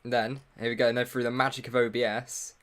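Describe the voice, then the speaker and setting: A man's voice: medium pitch, level tone, fairly quick, a bit bright. A young man hosting a casual live stream, greeting viewers in the chat and making self-mocking asides while he sets up. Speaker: livestream host.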